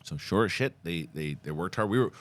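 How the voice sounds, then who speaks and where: Casting note: deep-voiced male podcast host, animated storyteller, laughs a lot. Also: brisk, dry recording. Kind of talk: casual chat and sponsor read.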